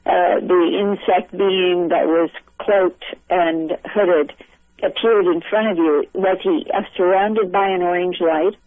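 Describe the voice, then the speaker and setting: A man hosting a radio interview, asking calm, brief questions. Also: sits high, slow, dry recording. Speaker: radio host. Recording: tinny phone-like radio sound.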